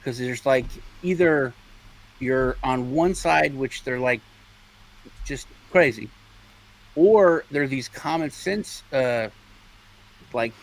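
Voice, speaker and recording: Guy on a podcast, grew up in europe, jumps all over in pitch doing little impressions. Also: takes it slowly, poor audio. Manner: animated storyteller, mimics people. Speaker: podcast co-host. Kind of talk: casual chat.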